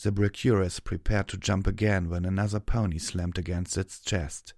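Deep-voiced male storyteller. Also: level tone, moderate pace, gravelly, a little mellow, no echo, clean studio sound. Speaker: narrator. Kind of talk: scripted narration.

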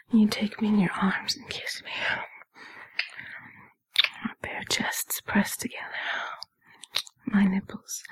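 A woman in a whispered role-play, speaking in a breathy, intimate whisper broken by soft moans. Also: fairly high pitch, low-quality recording. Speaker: erotic audio narrator.

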